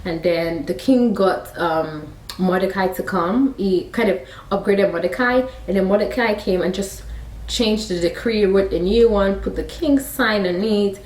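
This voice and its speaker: A woman with a Nigerian accent retelling a Bible story in a chatty, animated way, with laughing asides. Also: on the low side, moderate pace. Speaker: faith storyteller, vlogger. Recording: roomy sound from a distant mic.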